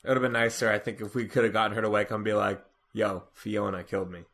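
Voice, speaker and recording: A man's voice: fairly low pitch, flat delivery, racing, a bit bright. A man co-hosting a casual podcast, discussing a TV episode and often restarting his sentences. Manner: hesitant, restarts sentences with repeated "I". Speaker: podcast co-host. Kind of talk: casual chat recapping a TV episode.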